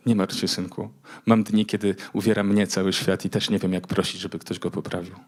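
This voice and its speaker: A middle-aged man with a fairly low voice performs spoken word poetry before a conference audience. His introductions are hesitant and chatty, and his reading is measured. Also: little pitch movement.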